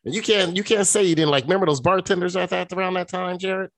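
A man's voice: sits high, steady tone, fast, a bit bright, no echo. A man co-hosting a podcast, talking in casual chat in an earnest, reflective way and speaking straight to his co-host.

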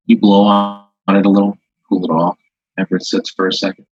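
Casting: low-voiced man spinning a rambling improvised tale, husky tone, dull dry audio. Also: level tone, no room sound. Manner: rambling, halting, many "like"s. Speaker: improv storyteller. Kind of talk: improvised second-person storytelling.

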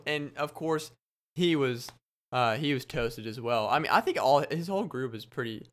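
A man's voice: mid-range voice, lively intonation, moderate pace, fairly bright tone. A young man hosting a podcast, telling a story in a casual, rambling way and laughing often. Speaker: podcast host.

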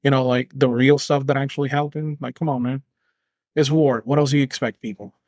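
A man's voice: medium pitch, steady tone, brisk, a little mellow, dry recording, dull audio. Profane rambling podcast man, dry close sound. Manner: profane, rambling, acts out imagined dialogues. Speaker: podcast host. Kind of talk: casual solo commentary.

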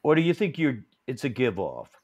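A man's voice: mid-range voice, wildly swooping pitch, a little fast, husky. A man hosting a casual talk show, rambling and joking, often restarting his sentences. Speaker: host. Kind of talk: casual chat.

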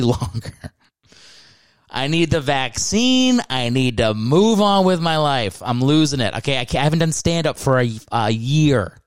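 A man's voice: mid-range voice, smooth, dry recording. A man hosting a comedy podcast, rambling through a ranting monologue with bursts of mock outrage. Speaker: podcast host.

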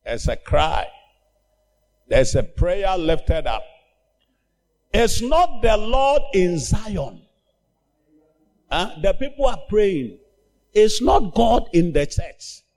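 A man preaching with a notably high voice and a slow, drawn-out pace. He delivers an emphatic sermon as pastor, rising into loud shouted commands in bursts. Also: sing-song, in a large hall.

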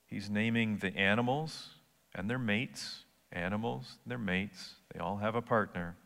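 A man's voice: lowish voice, unhurried, vocal fry, fairly bright tone, in a large hall. A male pastor preaching a sermon, conversational at first and then rising to emphatic points.

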